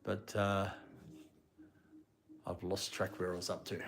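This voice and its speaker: A man's voice: sits low, monotone, a little slow, creaky, a bit bright, a little hiss or hum. A man live streaming, chatting casually and rambling, breaking off now and then to scold his dogs. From Australia. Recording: music playing in the background.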